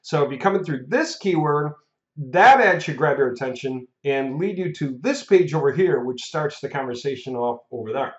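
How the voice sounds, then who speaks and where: A man's voice: mid-range voice, expressive, normal speed. A man giving a casual video update as the host of a marketing course. He has the hiccups, laughs often and rambles. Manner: chatty, laughs often, restarts and fillers. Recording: echoey room, dull lo-fi sound.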